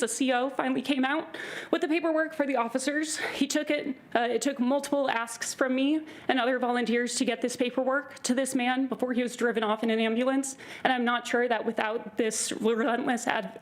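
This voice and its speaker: Woman, public commenter, nervous and earnest, voice a bit high. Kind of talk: public comment at a board meeting.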